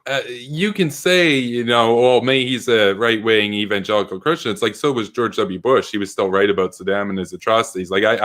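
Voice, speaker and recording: Emphatic low-voiced man debating. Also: fairly bright tone. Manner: emphatic, with frequent stuttered restarts. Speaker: host in a political debate. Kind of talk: online political debate.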